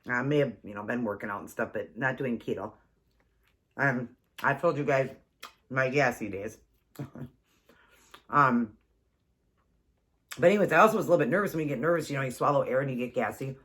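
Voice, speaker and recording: A woman's voice: a bass voice, fairly quick, pauses often, a bit bright. A woman in her forties chatting casually as a keto vlogger, rambling through a story with frequent laughs and a runny nose. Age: 40s. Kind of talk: casual storytelling while eating.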